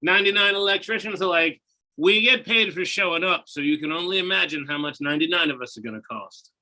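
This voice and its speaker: Very bright-voiced man telling a pun. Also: sits high, fast talker. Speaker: improv player. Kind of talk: casual joke telling.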